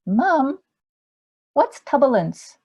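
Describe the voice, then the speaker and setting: A woman voicing an excited four-year-old boy, firing off eager, loud questions in a high voice. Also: drawn-out words, husky, dull audio, heavily acted.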